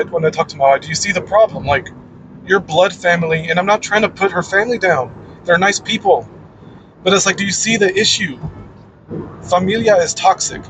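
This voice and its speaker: A man's voice: fairly high pitch, background noise. Blunt, profane man ranting off the cuff. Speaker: video creator. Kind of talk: unscripted personal monologue.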